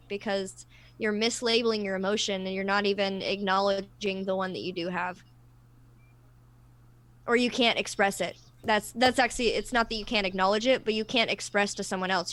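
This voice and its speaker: A woman's voice: mid-range voice, a bit bright. Thoughtful woman in a panel chat. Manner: thoughtful, explains with personal examples and restarts. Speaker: co-host of a discussion livestream. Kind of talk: casual panel discussion.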